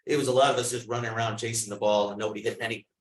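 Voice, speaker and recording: A man's voice: fairly low pitch, steady tone, very fast. A man on a village board, talking through an issue at a public meeting and telling anecdotes in a conversational way. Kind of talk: meeting discussion. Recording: roomy meeting hall with faint background noise.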